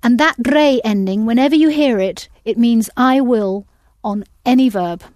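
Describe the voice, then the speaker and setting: A woman's voice: a little high, normal speed, a little mellow, no room sound, studio quality. Patient woman teaching a language class. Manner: patient, prompting and correcting students. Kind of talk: audio language lesson.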